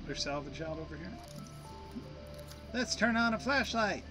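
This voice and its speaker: Talking a little slowly, a man with a high voice and lively intonation keeps up playful, offhand commentary to himself during a game, with its music running underneath.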